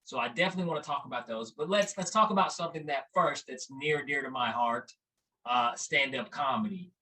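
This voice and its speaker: A man's voice: medium pitch, a little fast, bright, forceful tone, husky, low-quality recording. Upbeat man hosting a podcast. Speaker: podcast host. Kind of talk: casual podcast interview.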